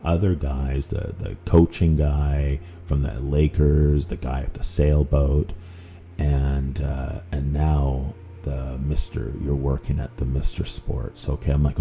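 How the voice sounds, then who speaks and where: A man's voice: very deep voice, little pitch movement, takes it slowly, vocal fry, dark tone, a little hiss or hum. A man hosting a podcast, telling a personal story in a rambling, conversational way, with many fillers and restarts. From Vancouver. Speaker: podcast host.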